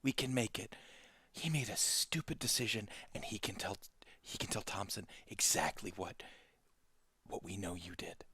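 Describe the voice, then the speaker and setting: A man's voice: lowish voice, rapid-fire, hardly any pauses, breathy edge, no echo. A man voicing a sly inner beast in a whispered role-play, coaxing in a hissing whisper.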